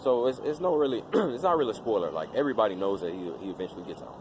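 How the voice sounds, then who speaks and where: A man's voice: fairly low pitch, very fast, noisy background. A man vlogging in casual talk to his camera, rambling with lots of fillers and restarts. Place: outdoors in daylight.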